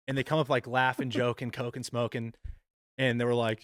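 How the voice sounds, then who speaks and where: A young man on a podcast, telling a wild story in a loose, animated way, full of "dude" and "like," and swearing freely. His voice sits mid-pitch and sounds dry, close to the mic. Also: quick pace, dry recording. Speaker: podcast co-host. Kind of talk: casual storytelling chat.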